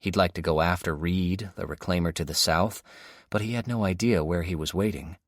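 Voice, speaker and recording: A man reading an audiobook in a steady, even storytelling manner. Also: deep voice, brisk, no room sound, clean studio sound. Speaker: audiobook narrator. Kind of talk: scripted audiobook narration.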